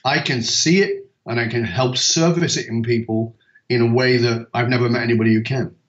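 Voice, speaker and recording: A man's voice: medium pitch, steady tone, fairly quick. Emphatic man coaching, echoey dull sound. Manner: emphatic storytelling, casual swearing. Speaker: purpose coach. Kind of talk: conversational podcast talk.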